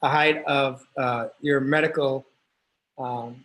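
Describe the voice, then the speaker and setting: A man hosting an interview podcast who speaks in a halting, careful way and paraphrases his guest. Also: medium pitch, steady tone, a bit bright, poor audio. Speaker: podcast host.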